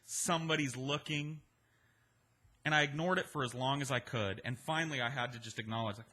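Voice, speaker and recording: Male comic storyteller, casual and profane, bright tone. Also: mid-range voice, brisk, pauses often. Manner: profane, animated, conversational. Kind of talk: comedic storytelling monologue.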